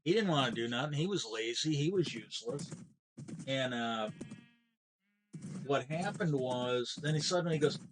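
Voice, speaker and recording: A man's voice: mid-range voice, expressive, normal speed, long pauses, noisy background. A middle-aged man streaming a game, telling a long story in a bitter, profane, rambling way with frequent restarts. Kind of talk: casual ranting storytelling while gaming.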